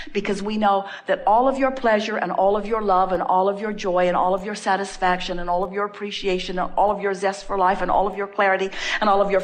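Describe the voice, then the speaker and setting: Emphatic woman giving a spiritual talk. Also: mid-range voice. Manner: emphatic and repetitive, with playful asides. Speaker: channeler speaking as a collective "we". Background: background music.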